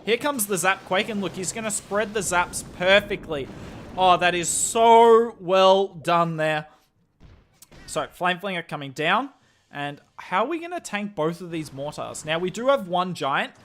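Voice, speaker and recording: High-pitched and unhurried, a young Australian man commentates a strategy game live on stream. He mixes excitable play-by-play with chatty asides to the audience.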